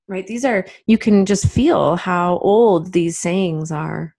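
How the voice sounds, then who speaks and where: A woman giving a reflective spiritual talk as a teacher, speaking gently with drawn-out, unhurried phrasing. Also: lowish voice.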